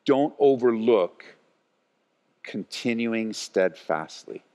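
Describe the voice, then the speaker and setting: A male pastor preaching a sermon, swinging between loud and hushed delivery. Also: mid-range voice, lively intonation, takes it slowly. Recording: long church hall reverb.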